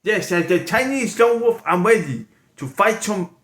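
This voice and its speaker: A man's voice: sits high, animated, moderate pace, fairly bright tone. A man voicing a brash, ambitious lone wolf who is cocky and picks fights. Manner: cocky and combative. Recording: echoey room with background noise.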